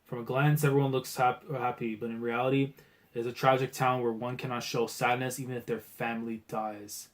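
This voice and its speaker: A man hosting a live reaction to a comic chapter. He reads it aloud and talks in a casual, slangy way that swings from low muttering to loud outbursts. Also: brisk. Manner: excitable, swings from muttering to shouting; casual slangy talk, keeps saying bro. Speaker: manga reaction channel host.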